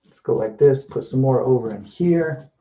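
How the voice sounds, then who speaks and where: Mellow man talking through a live painting. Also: medium pitch, moderate pace, dull audio. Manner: relaxed, thinking aloud while painting, many restarts and "you know". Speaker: painting instructor. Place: indoors at a painting wall.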